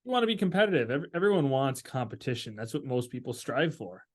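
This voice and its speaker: A man hosts a relaxed interview and asks questions in an easy, chatty manner. His voice sits at an ordinary pitch, and he fills the gaps with "you know" and "I mean". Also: fast talker. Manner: friendly, conversational questions with fillers. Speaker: podcast host. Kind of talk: casual interview chat.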